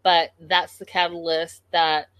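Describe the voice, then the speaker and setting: A woman's voice: on the low side, level tone, measured pace, a bit bright, dry recording. Exasperated woman recapping a show. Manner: exasperated, incredulous, talks straight to the show's people. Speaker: reality TV recap commentator. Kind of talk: casual commentary recap.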